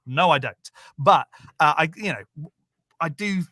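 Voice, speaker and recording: Sarcastic British man, bright and animated, casual livestream guest. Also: a little high, measured pace, no echo, clean studio sound. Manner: sarcastic, laughing, exclaiming. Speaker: guest co-host. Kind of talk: casual livestream reaction chat.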